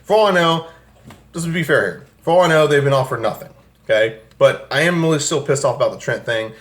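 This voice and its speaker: A man's voice: mid-range voice, fast talker, fairly bright tone. A young man hosting a fan channel, ranting angrily and with a lot of swearing about his football team from a room at home. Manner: angry, profane, exasperated ranting. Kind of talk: ranting sports commentary vlog. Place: home room with air conditioner.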